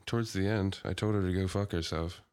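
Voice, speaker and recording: Laid-back deep-voiced young man. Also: steady tone, brisk, a little mellow, clean tone. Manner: laid-back, swears casually, laughs often. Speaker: podcast co-host. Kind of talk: casual chat.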